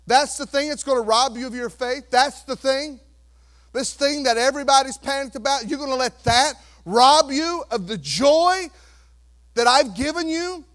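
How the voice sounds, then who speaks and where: A man preaching a sermon, voicing Jesus as calm and unbothered, teasing the worriers with incredulous questions. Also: very high voice, normal speed, voice pushed up.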